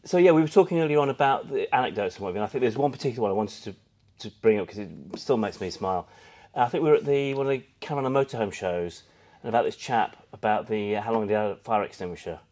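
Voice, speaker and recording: A man co-hosting a casual podcast, talking quickly and agreeing often. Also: fairly low pitch, a little mellow. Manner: quick, agreeable, many affirmations. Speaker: podcast co-host. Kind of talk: casual chat.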